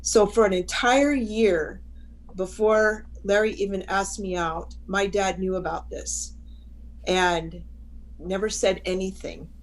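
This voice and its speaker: Older woman telling a lively story. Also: mid-range voice, takes it slowly, low-quality recording. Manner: animated storyteller, acts out quoted voices, frequent restarts. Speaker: guest chaplain. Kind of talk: personal storytelling in an interview.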